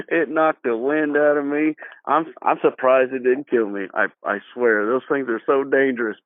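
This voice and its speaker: A middle-aged man telling childhood stories in a casual interview, animated, acting out voices and laughing as he goes. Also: mid-range voice, moderate pace, no room sound. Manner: animated, acts out quoted voices, laughs through his own story. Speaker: guest. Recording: dry, tinny phone-like audio.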